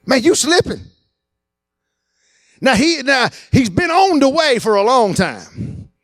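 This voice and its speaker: Animated high-voiced preacher. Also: male voice, measured pace, dry recording, studio quality. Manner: animated, acts out quoted voices. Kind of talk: sermon. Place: church.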